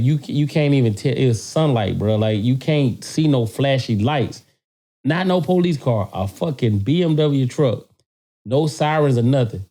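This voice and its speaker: Profane animated man telling a story. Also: medium pitch. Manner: animated, profane, repeats words when excited. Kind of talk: casual storytelling chat.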